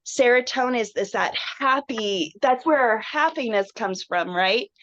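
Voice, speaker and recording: Woman guest, candid testimonial, slow and rambling, a little high, dry muffled call audio. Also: expressive, fairly bright tone, dry recording. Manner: earnest, emotional, rambling with frequent "like". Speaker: webinar guest sharing a health story.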